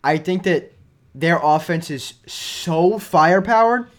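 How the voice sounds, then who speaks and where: Rich: An opinionated man chats about sports on a casual podcast, talking in a fairly high voice for a man. He is excitable and quick with his takes, and he answers his partner with frequent agreeing "yeah"s.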